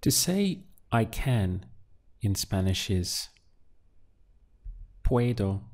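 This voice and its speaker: A man teaching a beginner language lesson, asking patient prompts and then giving clear model answers. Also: fairly low pitch, very animated, drawn-out words, a little mellow. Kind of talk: slow, deliberate language lesson with pauses.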